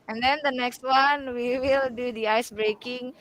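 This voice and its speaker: A woman, opening an online class over a video call, brisk and cheerful with chants and prompts. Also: on the high side, fairly even intonation, heavy background noise. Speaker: teacher trainee leading the session.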